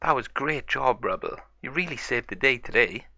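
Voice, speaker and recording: A man voicing a cheerful little girl pig in a toy-play story, gushing with excitement. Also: mid-range voice, normal speed, vocal fry, muffled recording, heavily acted. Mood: excited.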